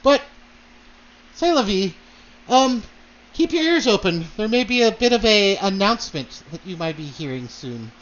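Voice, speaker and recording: A man's voice: high-pitched, very animated, normal speed, a bit bright, muffled recording. A man playing a flirtatious charming nobleman. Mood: teasing.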